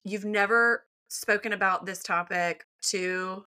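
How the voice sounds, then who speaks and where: A woman's voice: mid-range voice, steady tone, slow, sharp tone. A woman hosting a podcast interview, effusive and enthusiastic. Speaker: podcast host.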